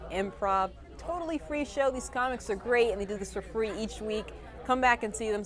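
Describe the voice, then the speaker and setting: A woman's voice: medium pitch, a bit bright. A woman hosting a comedy show, giving upbeat closing announcements. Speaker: show host. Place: comedy club before a live audience.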